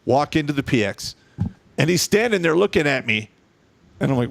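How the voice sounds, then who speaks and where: A man's voice: medium pitch, brisk, vocal fry, long pauses, dry recording. A middle-aged man telling profane, blunt stories from his army years in a casual chat. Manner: profane, blunt, animated storyteller. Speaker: guest telling war stories.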